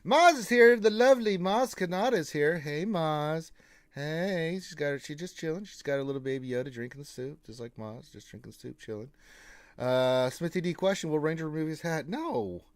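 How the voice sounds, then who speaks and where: A man co-hosting a casual live gaming stream, reading out viewer greetings and teasing them with flat refusals. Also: on the high side, moderate pace, dry recording.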